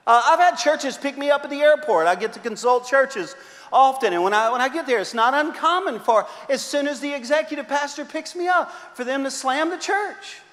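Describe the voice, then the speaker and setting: A middle-aged man preaching a sermon as pastor, telling animated stories with frequent uh fillers and repeats. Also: very high voice, a little fast. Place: church sanctuary. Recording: long reverb of a large church hall.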